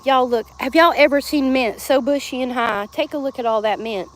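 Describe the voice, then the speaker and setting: A middle-aged woman with a drawl talks to her phone camera in a loose, rambling way, laughing often. Her voice sits high. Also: normal speed. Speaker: vlogger. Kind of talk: casual livestream chat. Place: home and yard, outdoors at times.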